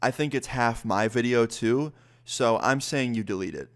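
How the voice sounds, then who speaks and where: A man's voice: mid-range voice, normal speed, lightly acted. A man quoting a pushy woman teacher. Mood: demanding. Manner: demanding, stubborn. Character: pushy, insistent woman schoolteacher.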